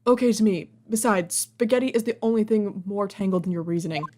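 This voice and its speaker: A woman's voice: mid-range voice, brisk, dark tone, a little hiss or hum. A woman playing a video game and reading its dialogue aloud, with wry joking asides. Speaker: let's player.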